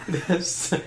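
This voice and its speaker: Slow, deadpan man podcast co-host. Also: noisy background. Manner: dry, deadpan jokes. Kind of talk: casual chat.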